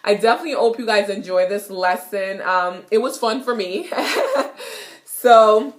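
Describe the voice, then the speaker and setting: A young Jamaican woman recording herself in her apartment, giving a casual lesson and repeating each phrase slowly. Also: mid-range voice, a little hiss or hum. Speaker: language teacher vlogger. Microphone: self-recorded camera.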